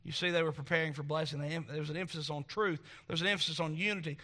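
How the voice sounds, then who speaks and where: A man's voice: a little high, steady tone, racing, bright, forceful tone. A man preaching a sermon in a church auditorium, building to emphatic swells and repeating refrains. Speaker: pastor.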